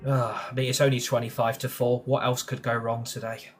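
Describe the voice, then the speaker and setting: A man's voice: medium pitch, little pitch movement, a little fast, soft background music. A young British man streaming a racing game, chatting casually, grumbling and swearing when frustrated. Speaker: gaming streamer. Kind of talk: live gameplay commentary.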